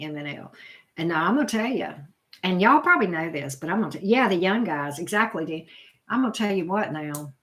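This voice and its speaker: A woman's voice: medium pitch, a bit bright. Chatty woman reacting to live chat. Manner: chatty, reacts to chat names, exclaims often. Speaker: channel host reading live chat. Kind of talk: casual live-stream chat.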